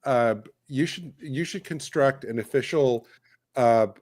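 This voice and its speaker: A man's voice: mid-range voice, a little slow, darkish tone, dry recording, studio quality. A man co-hosting a live watch-along, rambling casually with many ums and uhs. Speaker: co-host.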